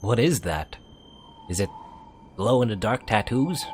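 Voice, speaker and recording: A man hosting a let's play who reads a visual novel aloud in a steady, dramatic voice, adding amused asides. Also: fairly low pitch, slow, a little hiss or hum.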